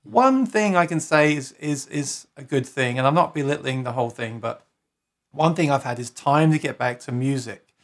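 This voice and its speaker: A man's voice: medium pitch, moderate pace. A man from New York City hosting a casual live-stream interview, chatty and enthusiastic, greeting viewers as he goes. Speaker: host.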